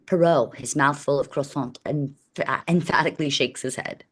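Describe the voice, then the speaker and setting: A woman reading the stage directions at a table read in a plain, steady way. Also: rumbling low, normal speed, breathy edge.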